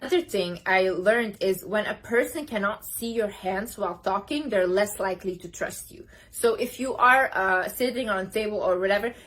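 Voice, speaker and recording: A young woman giving a casual, emphatic motivational talk to camera, gesturing as she speaks. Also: medium pitch. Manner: emphatic, talks with hand gestures.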